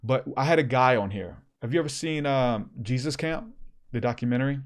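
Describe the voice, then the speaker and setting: Man, podcast host, casual storytelling, animated, mid pitch, acts out quotes. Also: fairly quick.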